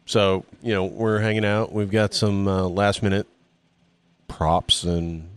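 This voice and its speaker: A man's voice: lowish voice, flat delivery, slow pace, clear, resonant tone, no room sound. A man announcing his band's plans on a casual podcast, slipping in dry jokes between fillers. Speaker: band member and podcast co-host. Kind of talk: casual banter, band announcements.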